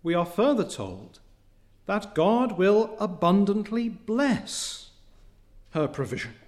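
Male preacher, fairly high voice, slow and deliberate delivery with emphatic swells. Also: big pitch swings, a little mellow. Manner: reads scripture in old biblical wording. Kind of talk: sermon.

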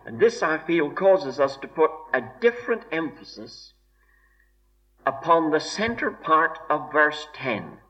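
Slow, bright-voiced preacher man. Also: fairly high pitch, very animated. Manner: slow, measured, deliberate emphasis. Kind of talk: expository sermon. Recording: dull lo-fi recording.

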